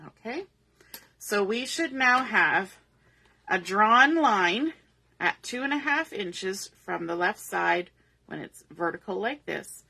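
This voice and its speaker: A woman's voice: mid-range voice, animated, slow pace, vocal fry, sharp tone. A woman giving a patient, step-by-step papercraft tutorial, explaining each measurement as she works. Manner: patient, methodical, talks through each step. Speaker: papercraft instructor.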